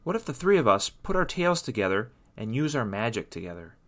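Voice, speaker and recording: A man voicing a brave, stubborn young girl mermaid in a storybook reading, speaking high and insistent. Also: sing-song, fairly quick, natural voice. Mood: eager.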